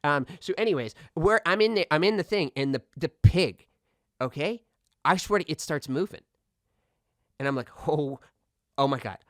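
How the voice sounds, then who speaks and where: A man's voice: on the high side, lively intonation, normal speed, long pauses, fairly bright tone, dry recording, clean studio sound. A man playing a rambling, defensive radio host. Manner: rambling, tacks "okay?" onto lines, boastful and defensive. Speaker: radio call-in show host. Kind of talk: comedic audio drama.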